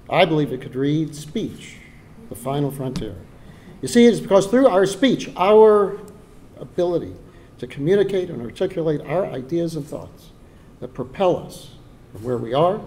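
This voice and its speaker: An older man with a Texan drawl delivers an earnest ceremonial speech at a podium. His voice sits a bit high for a man yet sounds mellow and warm, and he now and then repeats a word before carrying on. Faint noise hangs behind him. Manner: heartfelt, earnest, with occasional repeated words and restarts. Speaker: donor giving a dedication speech. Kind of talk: ceremonial speech from prepared remarks. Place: ceremony hall.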